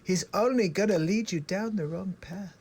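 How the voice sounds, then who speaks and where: A man's voice: high-pitched, normal speed, darkish tone, breathy edge. A man doing an impression of a boastful male president calling into a show, bragging and repeating himself.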